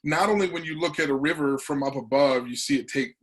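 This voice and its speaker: A man's voice: a little high, fairly quick, fairly bright tone, poor audio. A man hosting an interview, chatting loosely and rambling as he frames his questions. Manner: loose, rambling, lots of fillers. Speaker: interviewer, host. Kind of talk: conversational interview.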